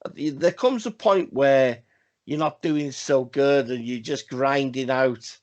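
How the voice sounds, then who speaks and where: A man's voice: mid-range voice, measured pace, darkish tone, lo-fi sound. A man co-hosting a casual wrestling podcast, talking in a rambling, profane way with emphatic repeats. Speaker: podcast co-host.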